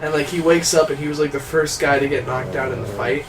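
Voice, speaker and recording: A young man chatting casually on a movie commentary, an animated storyteller who laughs often and slips into loud impressions. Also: on the high side, fast. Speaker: co-host. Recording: noisy, distant room recording.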